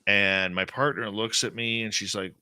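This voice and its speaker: A man's voice: on the low side, normal speed, smooth, no echo. A man telling a personal story as a guest in an interview, acting out what was said. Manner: animated personal storytelling, acts out quotes.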